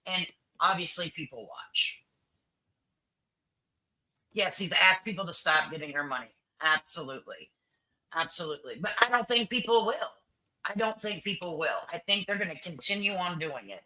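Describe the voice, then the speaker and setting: Blunt, bright-voiced woman. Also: fairly low pitch, lively intonation, normal speed, pauses often, poor audio. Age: older. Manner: blunt, opinionated, repeats herself, swears. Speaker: livestream host. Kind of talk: casual chat with viewers.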